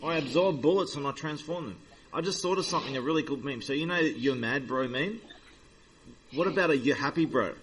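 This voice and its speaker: A man's voice: a little high, brisk, background noise. A man as a guest in a casual chat, insisting on his point and defending himself. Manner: insistent, defensive, laughs at his own jokes.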